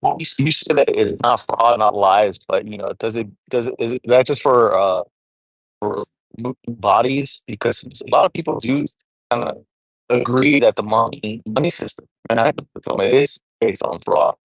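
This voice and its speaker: A man in a casual group discussion, asking questions in a halting, stumbling way. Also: medium pitch, no room sound, low-quality recording.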